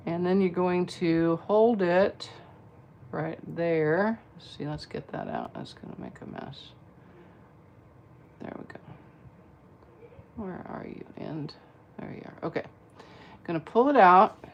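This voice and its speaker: A woman's voice: medium pitch, darkish tone. A woman giving a casual card-making tutorial, chatty and folksy, talking to viewers as she works. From American South. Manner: chatty, folksy, talks to viewers while working.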